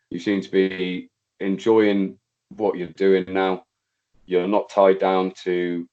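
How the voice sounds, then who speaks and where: Rambling low-voiced man. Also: darkish tone, muffled recording. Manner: rambling, searching for words, matey. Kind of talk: casual podcast chat.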